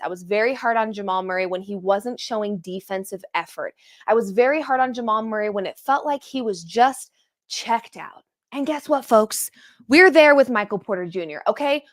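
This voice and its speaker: A young woman hosts a post-game sports reaction, speaking straight to her audience. Her voice sits at an ordinary middle pitch, and her delivery is animated and exasperated, full of sarcastic asides. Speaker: sports show host.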